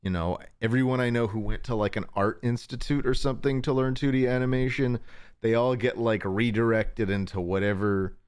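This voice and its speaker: A man's voice: medium pitch, fairly even intonation, a little fast, smooth, dry recording. A young man hosting a casual livestream from home, rambling along, chuckling and cutting himself off mid-thought. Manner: rambling, chuckling, self-interrupting. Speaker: livestream host.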